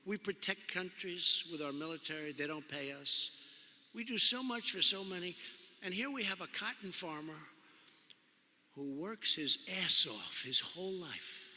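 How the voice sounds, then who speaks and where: A man's voice: sits high, lively intonation, unhurried, pushed and bright. Rambling man speaking in a big hall. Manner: rambling and repetitive, conversational asides. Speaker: president giving a speech. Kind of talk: off-the-cuff political speech. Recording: long echo of a big hall.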